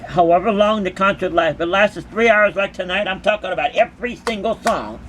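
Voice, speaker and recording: A woman's voice: fairly low pitch, slight background noise. A woman who dances at concerts giving an impassioned, emphatic monologue to her critics, full of repeated rhetorical questions.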